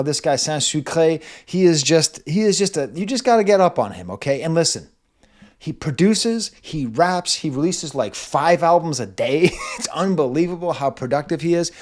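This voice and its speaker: An American man hosting a music review show, talking in an animated, digressive, lecturing way. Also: on the high side, normal speed. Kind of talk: casual spoken music commentary.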